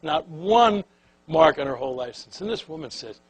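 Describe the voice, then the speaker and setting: Older male keynote speaker, husky and slightly high, animated storyteller who acts out the quotes; hum underneath. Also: normal speed, dry recording, rough recording. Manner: animated anecdotes with acted-out quotes.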